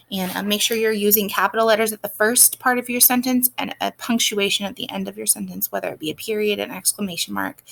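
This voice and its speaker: A woman's voice: mid-range voice, vocal fry, fairly bright tone. A woman teacher giving patient, step-by-step instructions for a student's reading work, with frequent "um"s. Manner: patient, explaining step by step with many fillers. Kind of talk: recorded lesson instructions for a student.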